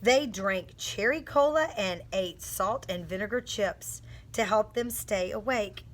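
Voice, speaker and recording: A woman with a medium-pitched voice reads a picture book aloud to young children, speaking a little slowly. She tells the story expressively as a teacher would, coaching the kids as they sound out words.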